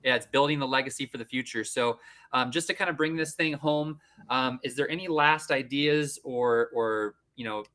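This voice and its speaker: Bright-voiced male podcast host. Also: medium pitch. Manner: affirming, quick back-channel agreement. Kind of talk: casual interview.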